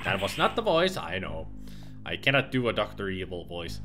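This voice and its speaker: A man's voice: deep voice, sing-song, moderate pace, music in the background. A man casually commenting on his gameplay with wry, joking asides to his viewers. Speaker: let's play streamer.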